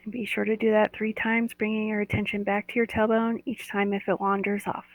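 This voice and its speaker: A woman's voice: medium pitch, little pitch movement, a little fast, a little hiss or hum, poor audio. A woman who leads a guided body-awareness meditation live, talking in a soothing, coaxing way and often repeating "that's right.".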